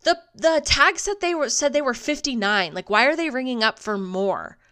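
A woman's voice: sits high, lively intonation, moderate pace, bright, forceful tone, clear, resonant tone, voice pushed up, exaggerated voice. A woman voicing a bratty teenage girl who complains about a price, sounding whiny.

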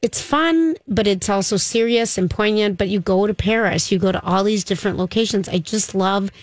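A woman co-hosting a chat show, gushing over series she loves and padding her sentences with fillers. Her voice sits at an ordinary middle pitch. The recording is close and dry. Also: moderate pace, no echo. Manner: enthusiastic, gushing, many fillers. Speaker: show co-host. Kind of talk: casual chat about TV shows.

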